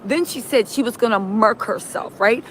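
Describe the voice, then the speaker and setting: A woman's voice: normal speed, slight background noise. A woman hosting a live reaction stream, talking animatedly and reading out viewer comments. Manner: animated, acts out quotes in a shrill yelling voice; reads viewer comments and greets chat.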